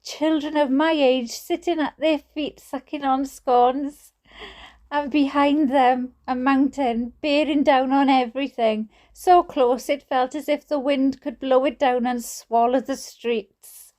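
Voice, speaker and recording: A woman's voice: sits high, fairly even intonation, slow pace, darkish tone. A Welsh woman reading a book aloud and breaking off for chatty, giggly asides about her own memories. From Wales. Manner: giggly, often breaks into laughter. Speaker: reader and streamer.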